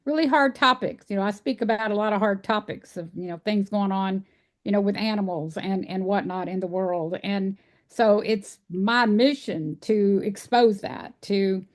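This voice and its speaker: A woman's voice: mid-range voice, moderate pace. Texan woman, interview guest, earnest folksy storyteller. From Texas. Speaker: guest, animal rights speaker. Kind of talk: casual interview conversation.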